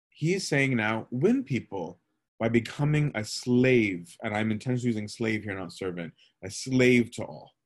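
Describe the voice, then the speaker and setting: A man teaching a Bible study in a conversational way, often checking in with "right?" and pausing with fillers. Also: fairly low pitch. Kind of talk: casual Bible lesson.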